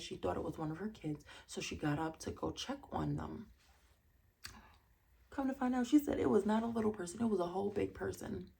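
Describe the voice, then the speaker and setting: A woman casually recapping a reality TV episode, chatty and quick to laugh, with incredulous asides. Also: mid-range voice, gravelly, darkish tone, a little hiss or hum.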